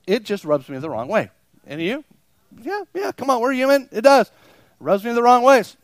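A man's voice: a little high, big pitch swings, a little fast, dry recording. A pastor preaching a sermon to his congregation, emphatic and repeating phrases for stress, often acting out his listeners' reactions. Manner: plays out imagined listeners' reactions. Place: church service before a congregation.

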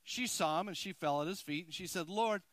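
A pastor delivers a sermon in a high, bright-pitched male voice, dropping from loud emphatic lines to near-whispers and repeating key words for effect. The sound is close and dry, with no room around it. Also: fast talker, dry recording. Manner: dramatic swings between loud emphasis and hushed intensity; repeats words for emphasis, conversational asides to the congregation.

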